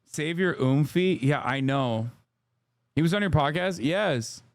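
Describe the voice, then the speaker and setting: A man's voice: on the high side, animated, unhurried, no room sound. A man giving casual live-stream reaction commentary, exasperated and conversational with frequent cursing, close to the mic.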